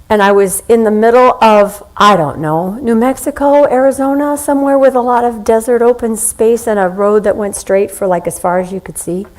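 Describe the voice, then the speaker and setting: A woman minister giving a sermon in a conversational, anecdotal way, slowing down with deliberate pauses. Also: medium pitch, rough recording.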